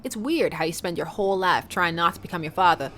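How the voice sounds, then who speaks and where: A woman's voice: fairly low pitch, animated, quick pace, fairly bright tone, slight background noise. A woman voicing a burly, easygoing male dad, a competitive contractor, in a put-on fake Southern accent with a teasing, folksy drawl. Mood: laid-back.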